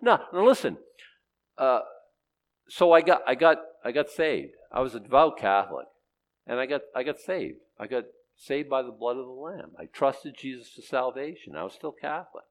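A male pastor giving a conversational verse-by-verse sermon, animated, with sudden jumps in loudness, humorous asides and frequent restarts. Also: mid-range voice, normal speed. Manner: frequent restarts and repeated words.

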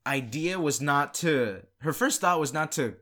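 A man's voice: on the high side, expressive, a little slow, sharp tone. A man co-hosting a casual podcast who teases his partner and jumps in to finish sentences. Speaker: podcast co-host. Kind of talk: casual chat.

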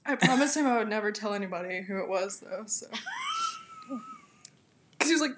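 A woman's voice: medium pitch, expressive, a little fast, long pauses, fairly bright tone, a little hiss or hum. A young woman co-hosting a podcast, chatting casually with blunt, giggly interjections. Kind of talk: casual chat.

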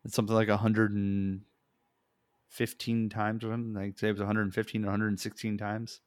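A man's voice: fairly low pitch, little pitch movement, a little fast, no echo, studio quality. A man chatting casually on a podcast, rambling and laughing often, swearing freely. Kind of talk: casual chat.

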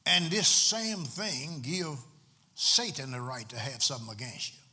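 A man's voice: mid-range voice, very animated, measured pace, bright, forceful tone. A man a sermon as pastor, repeating phrases for emphasis and drawing call-and-response from the congregation.

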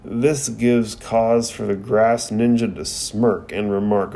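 A man's voice: on the low side, steady tone, slow pace, gravelly, mellow. A man casually recapping and reviewing an anime episode, rambling and profane with lots of "like".

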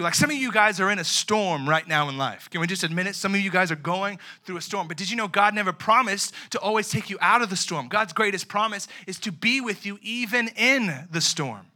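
A young man delivers a sermon in an easygoing, chatty way, sprinkling in slang and playing out little scenes. His voice sits a bit high and rings bright and forceful. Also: fairly quick, hardly any pauses. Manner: animated, conversational preaching with slang and acted-out asides. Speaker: youth pastor.

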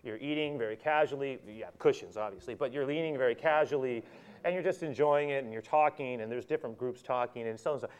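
A man's voice: medium pitch, fast talker, smooth. A male preacher giving a conversational sermon, telling the story with animation, chuckling and speaking straight to his listeners.

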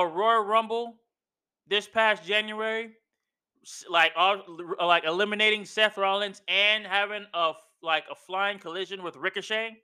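Male podcast host with a clear, smooth, high voice, casual and emphatic, heavy on slang. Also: bright, forceful tone. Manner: emphatic, slangy, repeats himself, says "bro" a lot. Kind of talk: casual wrestling opinion rant.

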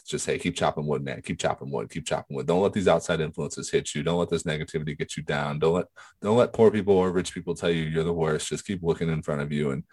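A man's voice: very deep voice, dry recording. A man co-hosting a podcast, chatting casually and rambling with many restarts. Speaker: podcast co-host.

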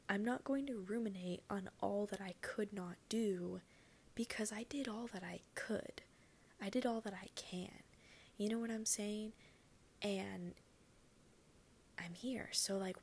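A young woman hosting a solo podcast, talking candidly and rambling as she hunts for words, often sinking into a soft whisper and swearing casually. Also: medium pitch, vocal fry, a little hiss or hum. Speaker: podcast host. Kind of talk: reflective solo podcast monologue.

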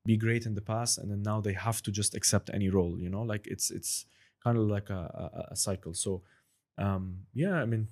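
A man's voice: fairly low pitch, steady tone, a little fast, a little mellow. A man in his thirties, a guest in a casual interview, rambling and searching for words.

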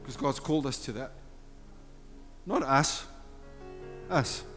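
A man's voice: mid-range voice, slow pace. Impassioned male pastor in a reverberant hall. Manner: impassioned, swinging from loud urging to hushed intimate talk. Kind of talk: sermon. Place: church sanctuary. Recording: long hall reverb with faint music.

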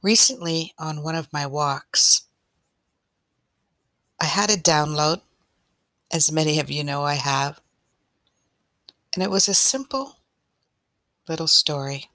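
A woman hosting a podcast as a spiritual coach, speaking in a slow, gentle, inviting way and reading a story aloud. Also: low voice, no room sound. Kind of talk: soft-spoken podcast talk and story reading.

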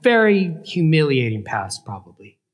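A man's voice: on the high side, big pitch swings, normal speed. A man teaching a Bible passage, retelling it with questions to his listeners and acting out the quoted lines. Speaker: preacher.

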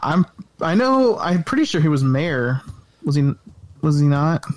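A man's voice: a little high, very animated, measured pace, dry recording. A man co-hosting a casual podcast, easygoing and agreeable, laughing often as he talks. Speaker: podcast co-host.

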